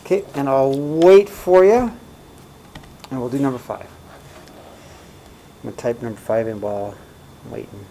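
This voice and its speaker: A man's voice: mid-range voice, normal speed, pauses often, warm tone, slight background noise, rough recording. A man teaching a recorded math lesson in a casual way, often checking in with "right?" and "okay?".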